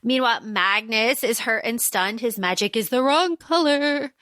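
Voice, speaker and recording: Recapping a book on her podcast, this co-host turns animated, performing characters' lines mid-recap in an otherwise casual chat. She speaks at a moderate pace in a slightly high voice, with clean studio sound and no room sound.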